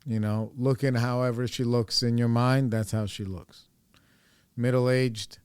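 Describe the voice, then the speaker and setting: A man's voice: medium pitch, fairly even intonation, a little slow, a little mellow, smooth, dry recording. A man in his forties hosting a podcast, telling a personal story in a rambling, candid, profane way. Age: 40s. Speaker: podcast host.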